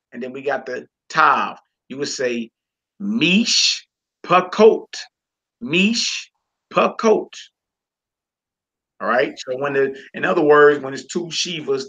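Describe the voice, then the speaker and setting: A man teaching a live-streamed Hebrew lesson casually, repeating words and drilling syllables slowly. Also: medium pitch, creaky, bright, forceful tone, slightly rough, low-quality recording.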